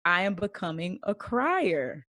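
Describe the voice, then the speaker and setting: Woman podcast co-host, casual slangy banter, lively pitch. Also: unhurried. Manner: laughing, animated storytelling with slang. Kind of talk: casual chat.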